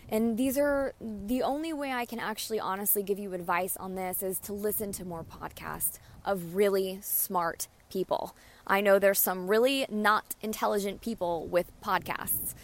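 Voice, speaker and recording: A woman's voice: mid-range voice, slight background noise. A woman hosting a podcast, giving blunt, emphatic advice in a casual monologue and often repeating herself. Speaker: podcast host.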